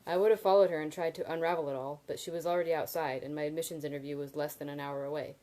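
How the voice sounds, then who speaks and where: A woman's voice: deep voice, steady tone, very fast, mellow, low-quality recording. A woman reading a novel aloud on a live video, stopping now and then for casual asides to her viewers. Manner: casual asides between reading, laughs at comments. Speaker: reader.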